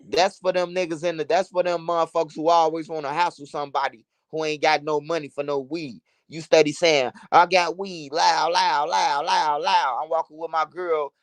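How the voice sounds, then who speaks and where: A man casually telling a profane, animated street story, repeating phrases for emphasis. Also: a little high, dry recording.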